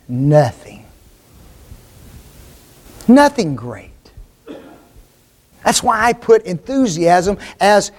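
A man with a high voice preaches a sermon. He drives his points home with emphatic repetition and keeps asking his listeners short tag questions. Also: a little mellow.

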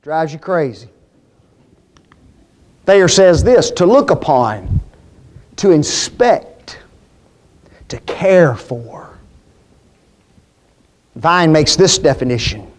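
Man, high voice, sermon, emphatic, repeats key words, asks the congregation questions. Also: sing-song, takes it slowly. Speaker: preacher.

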